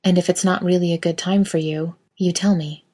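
A woman voicing a self-assured, gently teasing woman who is in charge, speaking in a calm, lightly commanding way. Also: lowish voice, brisk, slightly rough.

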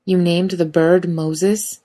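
A woman voicing a blunt, protective young man, speaking in her own lowish voice. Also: little pitch movement, takes it slowly, mellow. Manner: blunt, urgent.

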